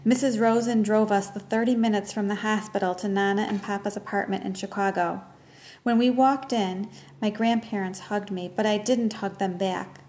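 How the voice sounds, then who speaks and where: A woman reading a first-person novel aloud in a measured, earnest storytelling voice. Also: medium pitch, darkish tone. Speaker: audiobook narrator.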